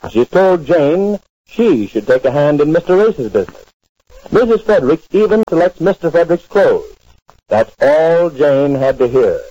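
A male announcer sets the scene for an old radio comedy in smooth, measured tones. His voice is mellow and fairly high for a man. The recording is dry and dull, with a lo-fi vintage broadcast sound. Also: sing-song, dry recording. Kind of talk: scripted program introduction.

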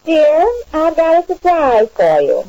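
A chatty, bossy wife from an old radio comedy. She runs high and swoops all over, mellow in tone, recorded close and dry. She mangles her words without noticing and never lets a point go. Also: big pitch swings, unhurried, no room sound, lo-fi sound, exaggerated voice. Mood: coaxing. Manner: breezy, insistent, mangles words. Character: scatterbrained bossy wife, chatty, full of malapropisms. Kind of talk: 1930s radio comedy acting.

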